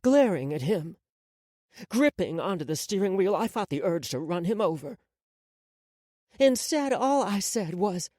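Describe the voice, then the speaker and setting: A man narrating a romance audiobook in a slow, dramatic first-person telling. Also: high-pitched, a little mellow, no room sound, clean studio sound.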